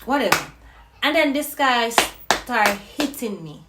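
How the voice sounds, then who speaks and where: A woman vlogger telling a personal story in a casual, animated and profane way. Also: on the high side, unhurried. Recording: roomy with faint noise.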